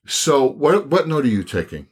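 An older man on a podcast, telling stories in a casual, animated way, swearing and laughing often. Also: mid-range voice, moderate pace, husky. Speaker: podcast host. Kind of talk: casual chat.

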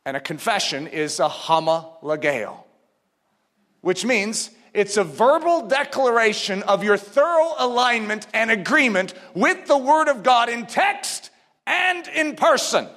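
A man's voice: very high voice, lively intonation, unhurried, a bit bright, big-room sound. A man preaching a sermon in an emphatic, conversational teaching manner.

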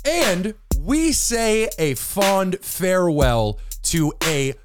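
Male co-host, high voice, dry teasing humor, comedic banter. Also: very animated, very slow, over music. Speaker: podcast co-host. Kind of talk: comedic chat with his brother.

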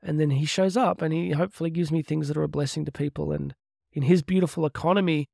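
A man's voice: on the high side, steady tone, quick pace, gravelly, mellow, no echo, clean studio sound. A middle-aged man hosting a podcast, talking in an earnest, chatty way with laughs and asides. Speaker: podcast host and Catholic speaker. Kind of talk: casual heartfelt podcast monologue.

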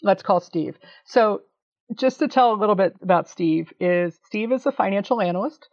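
A woman in her fifties telling an animated story as an interview guest, laughing often and swearing casually. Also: mid-range voice, moderate pace. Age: 50s. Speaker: interview guest, documentary maker. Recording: dull lo-fi audio.

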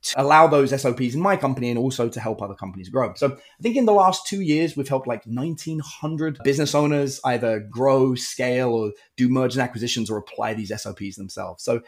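A man's voice: medium pitch, a little fast, hardly any pauses. A middle-aged man, a guest entrepreneur, telling stories in a casual interview and acting out the people he quotes. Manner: animated storyteller, acts out quotes.

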